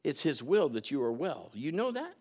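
Telling stories from the pulpit at normal speed, a preacher with a husky, sing-song voice alternates between loud emphatic outbursts and hushed, low asides.

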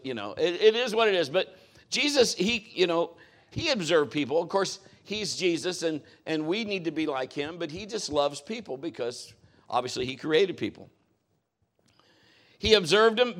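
Middle-aged man, pastor, folksy sermon, joking asides, slightly high voice.

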